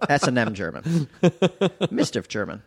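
A man's voice: mid-range voice, very animated, moderate pace, vocal fry, fairly bright tone, husky. Crude riffing male podcast co-host. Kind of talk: casual podcast chat.

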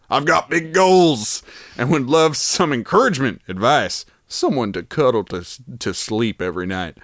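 A man's voice: medium pitch, dry recording, clean studio sound, natural voice. Guy faking a sincere texan dude with a big drawl, reading his dating ad. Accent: Texan, put on. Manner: exaggerated drawl, reading aloud. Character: earnest Texan man in a personal ad.

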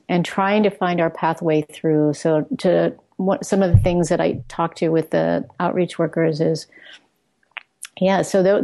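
A middle-aged woman who leads outreach work speaks as a guest in a reflective conversation, her voice mellow and fairly low. She talks earnestly and searchingly, often restarting a phrase before landing on her point.

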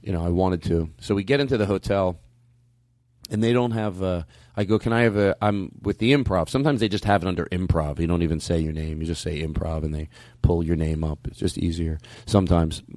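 A man spins a long, rambling anecdote with a comedian's timing. He doubles back on himself often, then his voice leaps high whenever he acts out his own outbursts. The recording is close and dry, with no room around it. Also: a little fast, no echo. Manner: animated, jumps way up in pitch acting out his own outbursts; rambling with frequent restarts and asides. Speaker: stand-up comedian. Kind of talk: casual storytelling chat.

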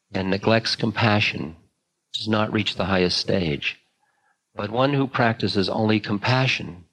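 An older man giving a spiritual talk, musing slowly with long pauses. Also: on the low side, a bit bright, poor audio. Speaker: spiritual teacher. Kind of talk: dharma talk.

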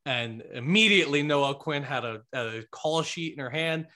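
A man co-hosting a casual sports podcast, his voice pitched fairly high and very bright. He tells stories in a playful way, laughing as he goes. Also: normal speed. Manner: playful storytelling, laughing often. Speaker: podcast co-host.

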